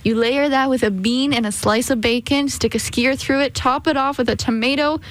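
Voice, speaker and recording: A woman's voice: high-pitched, fairly even intonation, fairly quick, dry recording. A woman co-hosting a radio show, upbeat and chatty in casual banter. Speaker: radio co-host.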